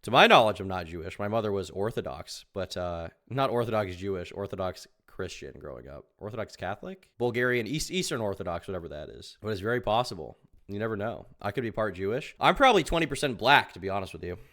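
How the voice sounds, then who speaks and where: A young man streaming, reacting to a podcast with rambling commentary and sudden loud outbursts. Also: fairly low pitch, animated, fast talker. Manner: rambling, repeats himself, sudden loud bursts.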